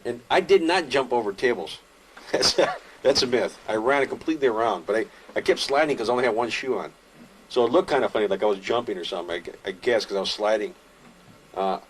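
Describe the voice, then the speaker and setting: This lowish-voiced man shares a personal story in a relaxed interview, wandering along with fillers and false starts. When the tale turns to action, he becomes noticeably lively.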